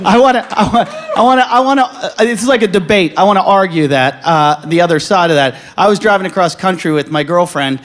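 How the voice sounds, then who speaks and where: A man's voice: high-pitched, fast talker, few pauses, a bit bright, slight background noise. A man hosting a live comedy podcast, telling rambling, profane stories and acting out quoted voices for the crowd. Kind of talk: crude comedic storytelling before a live audience. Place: live show venue.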